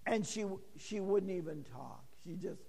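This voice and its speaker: An older man delivers a sermon in a high, unhurried voice, acting out bits of dialogue in a folksy storytelling way. His words ring out with a long reverb trailing behind them. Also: lively intonation, creaky, dark tone, slightly rough. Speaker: pastor.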